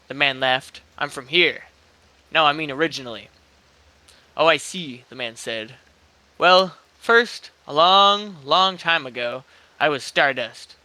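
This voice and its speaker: A man's voice: mid-range voice, sharp tone, no room sound. A man casually reading a spooky internet story aloud, laughing and joking between lines with a co-reader.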